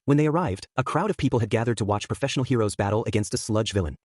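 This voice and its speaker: A man's voice: mid-range voice, racing, no echo, clean studio sound. A man reading a fan fiction story aloud, narrating and voicing the characters. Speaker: fanfic narrator. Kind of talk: scripted narration with character voices.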